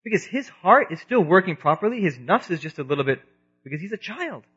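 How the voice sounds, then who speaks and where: A man in his thirties giving an earnest religious lecture, moving between loud emphasis and quiet asides, in a dull lo-fi recording. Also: on the high side, very animated, brisk, breathy edge. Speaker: preacher.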